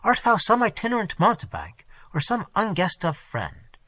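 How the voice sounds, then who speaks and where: A man's voice: fairly high pitch, wildly swooping pitch, moderate pace, pushed and bright, slightly rough, exaggerated voice. A man voicing a proud, scornful prince who speaks in an imperious, archaic way. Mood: indignant.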